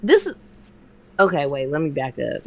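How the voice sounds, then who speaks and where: A woman in her thirties co-hosting a podcast, telling a story in casual chat and jumping her pitch to act out what others said. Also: moderate pace, rough recording. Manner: animated, acts out quotes with big pitch jumps. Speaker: podcast co-host.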